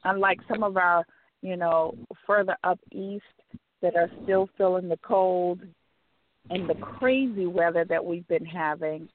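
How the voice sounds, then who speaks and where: A woman co-hosting live talk radio, chatty and effusive, stretching out words for emphasis. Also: fairly low pitch. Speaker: radio show co-host. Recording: phone-like call-in line.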